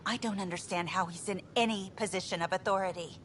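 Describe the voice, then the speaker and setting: A woman's voice: mid-range voice, steady tone, fast, fairly bright tone, slight background noise, lightly acted. An actress playing a frustrated, outspoken female engineer in a video game. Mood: exasperated. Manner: exasperated, outspoken. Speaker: game character.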